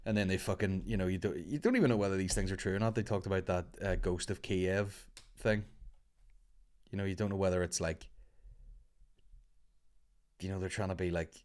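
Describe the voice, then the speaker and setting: A man's voice: deep voice, steady tone, fairly quick, long pauses, a little mellow. A man, a comedian, rambling and swearing through a casual podcast monologue. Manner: rambling, sweary, laid-back.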